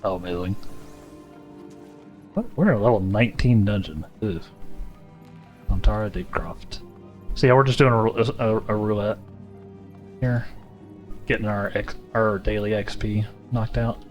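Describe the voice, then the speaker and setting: A man's voice: fairly low pitch, unhurried, long pauses, muffled recording, soft background music. A man chatting casually with his viewers while playing a game, easygoing and talkative. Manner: easygoing, chatty, addresses chat directly. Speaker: livestreamer.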